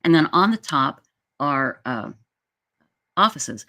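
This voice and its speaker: A woman hosts a casual livestream, telling a story with animated energy and frequent restarts. She speaks into a video-call mic from an indoor setup. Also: low-pitched, slow. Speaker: livestream host.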